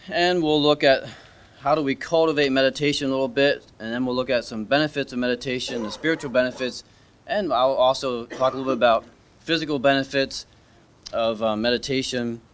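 A man with a medium-pitched, steady voice preaches an informal church sermon at a fairly quick pace, with a little hiss or hum in the recording. He speaks conversationally and hesitantly, restarting often and putting questions to the congregation.

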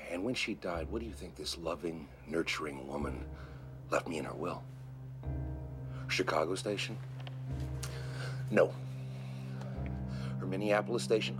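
An actor playing a bitter middle-aged male late-night radio shock jock who rants venomously. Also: on the low side. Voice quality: ranting, venomous. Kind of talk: TV drama acting. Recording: TV clip with music underneath.

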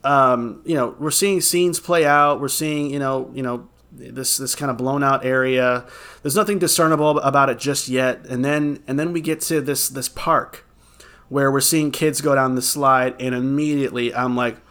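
A man chatting on a podcast. He tells a gaming memory with lots of animation and loose swearing. His voice sits at an ordinary middle pitch. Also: fairly even intonation, moderate pace, a bit bright. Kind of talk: casual chat.

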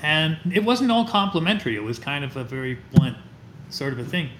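A middle-aged man tells stories from his teaching years with animated, heartfelt energy, and his voice sits a little higher than most men's. The recording is roomy and echoey, with a faint hiss of noise underneath. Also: brisk. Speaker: guest, teacher and astronomer. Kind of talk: storytelling in a podcast interview.

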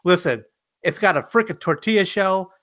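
A man co-hosting a podcast, telling stories animatedly and acting out quotes loudly in casual chat. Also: sits high, normal speed, no echo, studio quality. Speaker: podcast co-host.

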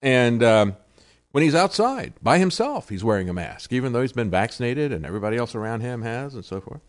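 A man's voice: medium pitch, very animated, a little fast. A man hosting a political talk show, delivering sarcastic commentary and mocking the people he quotes.

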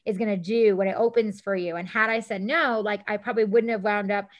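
A woman in her thirties, a guest on an interview show, telling stories in a lively casual way and acting out what people said. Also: mid-range voice, a little fast. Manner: animated, acts out quotes, says "like" often. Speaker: guest, celebrity stylist.

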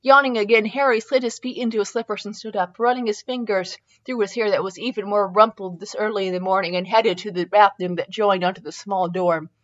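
A woman's voice: mid-range voice, fairly even intonation, fairly quick, few pauses. Woman reading fan fiction aloud, lo-fi. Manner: amused, with small stumbles and laughs. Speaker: podcast host.

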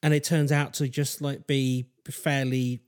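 A man's voice: mid-range voice, level tone, clean tone. Rambling man telling a story. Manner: rambling, halting, with fillers and restarts. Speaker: podcast host. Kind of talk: casual chat, storytelling.

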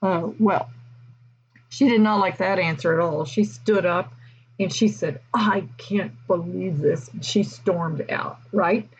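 Husky, chatty woman teacher. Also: lowish voice, a little slow, dull audio. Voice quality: husky, breathy. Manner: chatty, with frequent fillers and laughs. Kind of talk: casual storytelling podcast.

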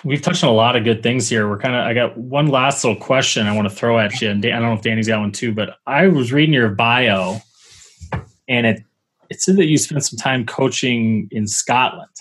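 A man's voice: mid-range voice, fairly quick, fairly bright tone, breathy edge. A man hosting a hockey podcast, who asks questions in an enthusiastic, affirming way. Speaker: podcast host. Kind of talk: interview questions.

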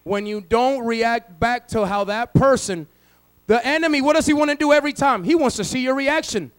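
A man preaching a sermon as pastor, swinging from loud to hushed and acting out quoted voices. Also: very high-pitched, moderate pace, smooth, poor audio.

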